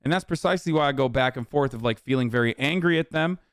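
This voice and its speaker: A man hosting a live stream, ranting sarcastically and swearing freely as he reacts to chat. His voice is smooth and resonant at a middle pitch. The sound is close and dry, with no room echo. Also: fast. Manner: profane, heated, sarcastic. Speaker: livestream host.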